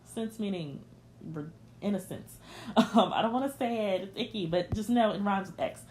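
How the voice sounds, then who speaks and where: A woman's voice: medium pitch, moderate pace, a little mellow, slight background noise. A young woman hosting a podcast, confiding a personal story in an emotional, candid rant and speaking straight to her listeners. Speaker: podcast host.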